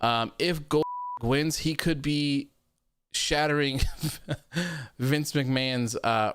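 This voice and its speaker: A man's voice: mid-range voice, a bit bright, clear, resonant tone, no room sound. A man hosting a casual post-show chat, reading viewer comments aloud in a loose, repetitive way with frequent laughs. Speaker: podcast host.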